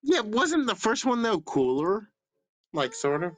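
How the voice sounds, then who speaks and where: A man guest on a casual live stream, talking in a drawn-out, tipsy, repetitive way. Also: high voice, sing-song. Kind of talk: casual stoned stream chat.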